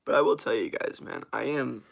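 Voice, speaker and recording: A young man chatting casually on a morning livestream, loose and rambling, swearing often, with a rough morning voice. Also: mid-range voice, animated, a little fast, fairly bright tone. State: morning voice, sore from workout. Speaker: streamer.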